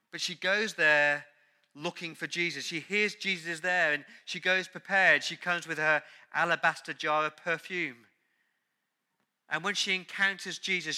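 A man's voice: a little high, bright, forceful tone. A man preaching a sermon as pastor, earnest and emphatic, repeating key words.

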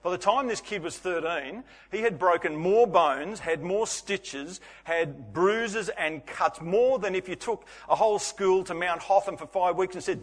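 A man's voice: high-pitched, a bit bright, long reverb tail. A middle-aged man preaching a Father's Day sermon, telling funny stories about himself and laughing often. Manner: storytelling with self-deprecating humor, laughing often. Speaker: pastor. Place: church.

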